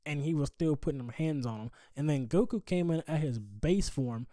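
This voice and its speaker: A man's voice: a little high, lively intonation, normal speed, mellow, no echo. A man hosting a podcast, talking things through in a rambling, thoughtful way. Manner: thoughtful, rambling, many fillers. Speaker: podcast host. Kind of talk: casual chat.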